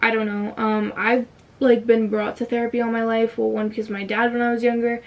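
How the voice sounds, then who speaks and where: A woman's voice: a little high, little pitch movement, brisk, recorded from a distance, muffled recording. A young woman telling a personal story in a casual vlog, emotional and fighting back tears, with many "like" fillers. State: tight throat from holding back tears. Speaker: vlogger.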